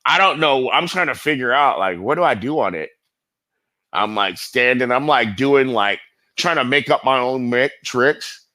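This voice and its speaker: A man's voice: mid-range voice, lively intonation, moderate pace, sharp tone, dry recording. A middle-aged man telling stories as a guest in a casual interview, rambling and profane, full of fillers. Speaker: guest skateboarder.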